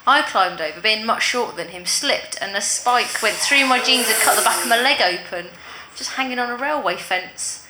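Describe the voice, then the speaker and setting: A woman's voice: on the high side, moderate pace, few pauses, echoey room, heavy background noise. A woman hosting a live comedy panel show, telling stories with lots of laughter. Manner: animated storytelling, laughing at herself. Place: live theatre stage.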